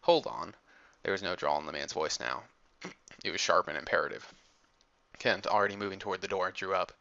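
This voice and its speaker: A man reading an adventure audiobook in a measured, steady storytelling manner, on a dull lo-fi recording. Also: sits low, vocal fry. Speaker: audiobook narrator. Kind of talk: audiobook narration.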